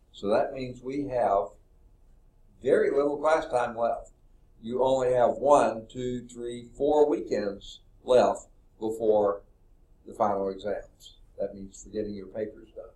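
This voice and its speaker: A man with a medium-pitched, darkish voice teaches math in a lecture classroom. His talk meanders as he thinks aloud, sprinkled with okays.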